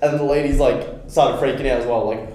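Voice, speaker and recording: A man's voice: mid-range voice, a little fast. Echoey young man telling a story. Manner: animated storyteller, acts out quoted voices. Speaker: podcast co-host. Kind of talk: casual chat among friends. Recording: very echoey room.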